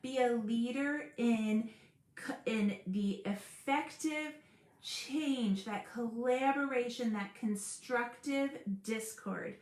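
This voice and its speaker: A woman hosting a live stream about school support teams, earnest and animated, laughing often as she talks. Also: a little high, slow, roomy sound. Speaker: special education advocate hosting a live stream. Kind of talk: casual live-stream talk.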